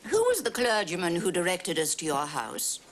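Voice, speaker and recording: A woman's voice: lowish voice, very animated, normal speed, slight background noise. An actress playing a grand, affected English society lady who drops Italian phrases into her talk. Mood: gracious, affected. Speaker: summer tenant. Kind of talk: period television drama.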